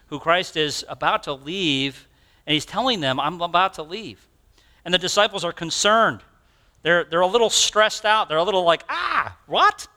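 A man's voice: a little high, bright, forceful tone. A male pastor preaching a sermon in a conversational, storytelling way, talking directly to the congregation.

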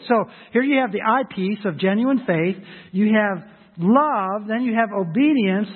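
A man's voice: high voice, breathy edge. A male pastor preaching a sermon in a conversational, emphatic way, slipping into short acted asides. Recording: phone-like audio with long hall reverb.

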